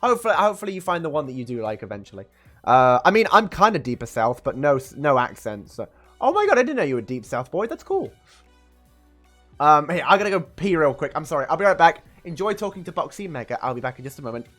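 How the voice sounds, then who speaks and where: A man's voice: fairly high pitch, big pitch swings, fast talker, fairly bright tone, soft background music. A man hosting a livestream, chatting casually and teasing his guest while reading chat. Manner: playful, teasing, reacts to chat. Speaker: streamer host.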